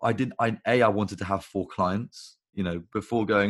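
A man with a very deep, low voice talks casually on a video call interview. He rambles through animated stories, swears freely and keeps things conversational. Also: moderate pace. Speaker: guest, recruitment business founder.

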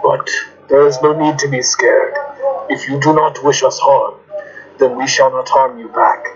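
A man voicing a calm adventurer who speaks in stiff, formal sentences, on a lo-fi recording. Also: medium pitch, measured pace, husky. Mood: reassuring.

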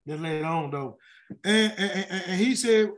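A man's voice: high-pitched, normal speed. A man leading a weekly Bible word study. He reads scripture aloud and breaks off into chatty, colloquial asides, often stumbling and restarting over names. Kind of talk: scripture reading with casual commentary.

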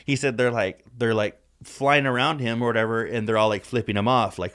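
A man's voice: mid-range voice, fairly even intonation, fairly quick, fairly bright tone. Rambling, profane casual man. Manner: rambling, profane, heavy use of "like". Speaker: podcast co-host. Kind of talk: casual chat.

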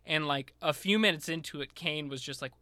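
A man co-hosting a casual movie podcast, retelling scenes with animated flair and acting out the lines. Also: fairly high pitch, brisk, dry recording. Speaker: podcast co-host. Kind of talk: casual movie recap chat.

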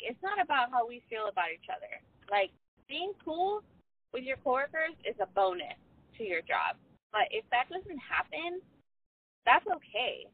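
A woman's voice: on the high side, slightly rough. Chatty young woman on a tinny line. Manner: chatty, lots of "like", animated storytelling. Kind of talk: casual chat. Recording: tinny phone-line sound.

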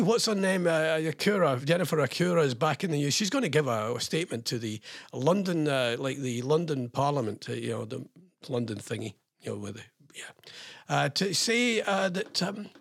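A man's voice: a little high, vocal fry, fairly bright tone, dry recording, studio quality. A man hosting a casual, sarcastic, rambling news commentary. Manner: rambling, sarcastic, chuckling asides. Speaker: host.

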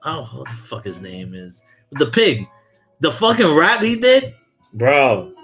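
A young man from Brooklyn, hosting a podcast in a loose, profane, animated chat and laughing often. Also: mid-range voice, takes it slowly, faint music behind. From Brooklyn, New York. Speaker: podcast host. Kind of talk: casual chat.

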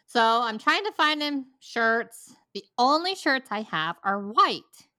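A woman telling a story in a casual chat, animated and profane, often laughing. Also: on the high side, takes it slowly, no echo.

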